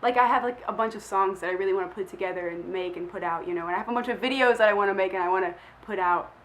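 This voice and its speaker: A woman's voice: mid-range voice, very fast, fairly bright tone, rough recording. A young woman vlogger talks through a list of questions in a loose, rambling way, filling her sentences with "like" and laughing at herself. She sounds a little sick, and a faint hum of the room sits behind her voice. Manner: rambling, self-deprecating, lots of "like" fillers. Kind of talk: casual chat.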